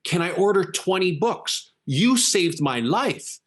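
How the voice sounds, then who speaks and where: A man's voice: a little high, sing-song, measured pace, fairly bright tone, pitched above the performer's own voice. A man voicing an effusive, grateful older woman fan who gushes breathlessly at a book signing. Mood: excited. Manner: gushing, breathless, emphatic.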